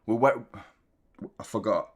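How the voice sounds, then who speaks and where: A man with a fairly low voice takes his time as host of a casual live football watchalong stream. He pokes fun at himself and reads viewer messages aloud.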